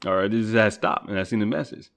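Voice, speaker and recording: A man's voice: fairly low pitch, fairly even intonation, fast talker, fairly bright tone. Rambling, profane American man ranting. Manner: rambling, profane, ranting, voice rising when heated. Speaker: podcast host. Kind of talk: casual solo podcast monologue. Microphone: computer recording setup.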